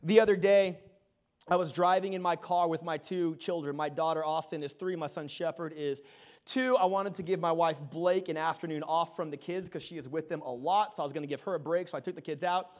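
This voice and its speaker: High-voiced male pastor preaching. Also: a little fast. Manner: animated storytelling with self-deprecating humor. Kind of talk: sermon.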